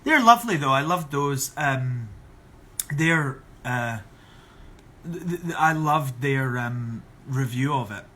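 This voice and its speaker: Speaking slowly in a mid-range voice that is pushed and bright, a young Scottish man reads out viewers' questions on a casual live stream. He's a drag performer, and his answers are chatty and sarcastic.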